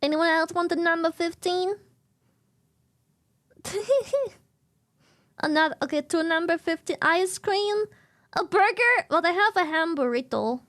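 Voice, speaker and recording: A woman's voice: extremely high pitch, unhurried, pauses often, fairly bright tone. A woman streamer chatting casually and playfully with her viewers, with singsong asides.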